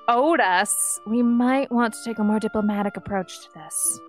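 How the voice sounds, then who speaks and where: A woman's voice: fairly high pitch, moderate pace, faint music behind. A woman playing her character in a tabletop game, soothing and diplomatic, stammering at times. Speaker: player.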